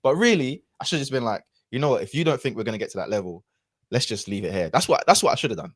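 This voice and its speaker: A man's voice: mid-range voice, expressive, racing, no echo, clean studio sound. A man, a podcast guest telling a personal story in a casual, reflective way with lots of fillers and restarts.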